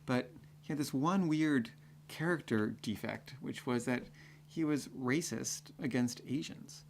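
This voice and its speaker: A man's voice: medium pitch, unhurried, vocal fry, a little hiss or hum. A man telling a personal story in a conversational way, full of fillers. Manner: conversational, full of fillers, builds to excited acting-out.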